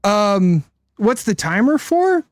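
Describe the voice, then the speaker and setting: Chatty high-voiced male streamer. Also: big pitch swings, takes it slowly, slight background noise. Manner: thinks aloud, tags lines with "right?". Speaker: game streamer. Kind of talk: casual live-stream commentary.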